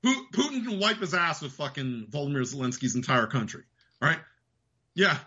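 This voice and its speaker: A man's voice: fairly high pitch, big pitch swings, brisk, sharp tone, highs cut off. A man hosting a show, delivering an angry, profane political rant. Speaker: host. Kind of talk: ranting political commentary.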